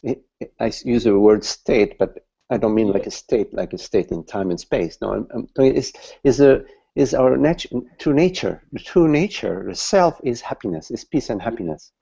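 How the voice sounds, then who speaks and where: Casting: man, spiritual teacher, gravelly dark voice, slow and halting, lo-fi call audio. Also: medium pitch, expressive. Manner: slow, halting, repeats words while searching for them. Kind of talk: satsang talk.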